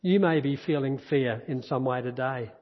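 A man's voice: mid-range voice, moderate pace. A male pastor preaching a sermon, earnest and repeating key phrases, recorded in a church. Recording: dull echoey church hall recording.

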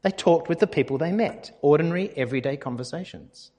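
A man's voice: on the high side, animated, quick pace, mellow. A man preaching a conversational, anecdotal sermon in a reverberant church hall. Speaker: pastor.

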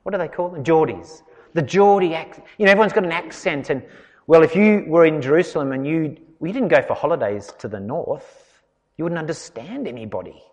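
A man preaching a sermon in an expressive, conversational way, chatting with his congregation as he explains the passage. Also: fairly high pitch, a little fast, in a large hall. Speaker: pastor.

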